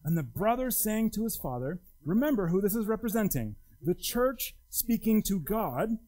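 Man, pastor, sermon, conversational and emphatic, mellow, slightly high voice. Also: very animated, moderate pace, rough recording. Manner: conversational, emphatic, wide pitch swings.

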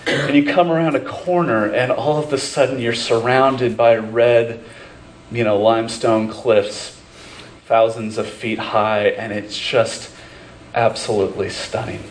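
A man's voice: medium pitch, fairly even intonation, a little slow. A male pastor preaches in a roomy church, his voice ringing off the walls over a faint background hum. He talks in a mid-range voice, conversational and searching, full of restarts and fillers as he tells personal stories. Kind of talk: sermon. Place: church sanctuary.

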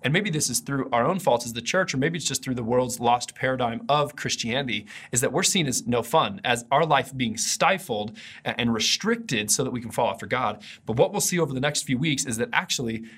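A man's voice: mid-range voice, animated, fairly quick, a bit bright, slightly rough. A man preaching an earnest, conversational video sermon as a pastor.

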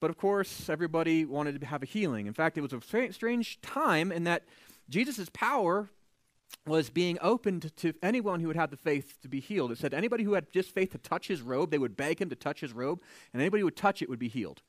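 A man preaching a sermon, retelling a scripture story in a lively, conversational way and acting out the characters' voices. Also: fairly high pitch, brisk, no room sound.

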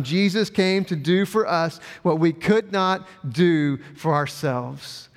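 A man preaching a sermon as pastor, speaking earnestly with repeated phrases and building emphasis. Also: on the high side. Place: church sanctuary. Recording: long hall reverb with faint music.

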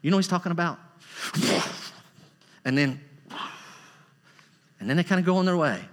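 A man's voice: moderate pace, long pauses. Emphatic preacher man in a reverberant hall. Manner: emphatic, rising to high excited bursts. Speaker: pastor. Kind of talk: sermon. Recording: long reverb of a large hall.

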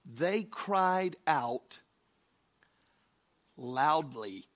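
Preaching man, bright and fervent. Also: fairly high pitch, lively intonation, very slow. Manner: shifts between shouted exhortation and quiet explanation. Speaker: pastor. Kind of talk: sermon.

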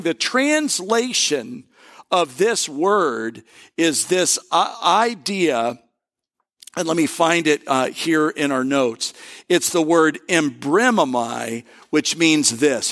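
A male pastor giving a conversational sermon, telling stories and slowing down to stress key words. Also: on the high side, expressive, a bit bright. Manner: conversational preaching with storytelling and emphatic pauses.

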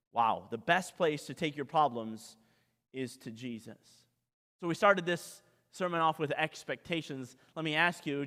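A man's voice: a little high, a bit bright. A man preaching a dramatic sermon as pastor, asking the congregation rhetorical questions. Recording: long hall reverb.

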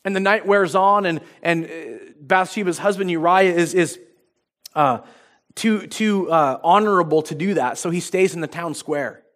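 A man's voice: high voice, normal speed, fairly bright tone. A male pastor preaching a sermon, retelling a story and acting out the quoted lines, often restarting his phrases.

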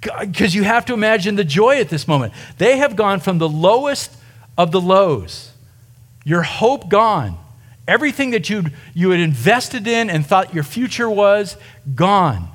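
Animated high-voiced male pastor preaching. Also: a little slow. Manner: conversational, animated, asks the listeners questions. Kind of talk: sermon.

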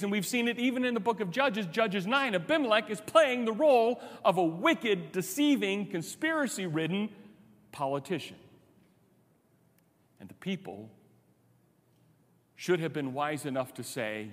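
A man preaching a sermon in a conversational, animated way, asking rhetorical questions. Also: high-pitched, moderate pace. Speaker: pastor. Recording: long hall reverb.

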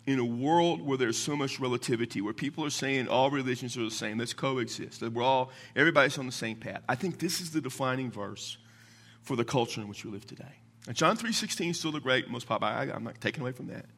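Animated, bright-voiced male Baptist preacher. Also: mid-range voice, husky. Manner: emphatic, animated, chuckles between points. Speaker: Baptist pastor. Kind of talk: sermon teaching from scripture.

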